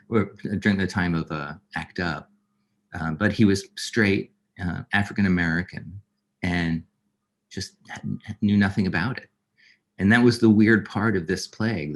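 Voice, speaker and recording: Deep-voiced halting man. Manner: halting, many fillers and restarts. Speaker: filmmaker guest. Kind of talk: reflective interview talk.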